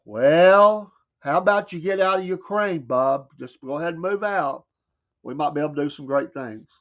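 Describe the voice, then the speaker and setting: A man's voice: a little high, a little fast, muffled recording. A man with a Southern American accent hosting a morning talk show, riffing in a folksy, wry way with mocking asides. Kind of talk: casual talk radio monologue.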